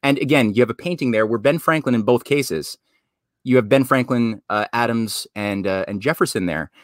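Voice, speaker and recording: A man's voice: medium pitch, moderate pace, no room sound, studio quality. A man from Canada, a guest in a casual interview, explaining at length in an earnest, winding way.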